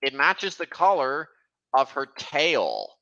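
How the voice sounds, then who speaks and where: A man's voice: mid-range voice, wildly swooping pitch, takes it slowly, vocal fry, sharp tone, muffled recording. A young man hosting a casual voice-chat stream, rambling and often restarting his sentences. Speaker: stream host.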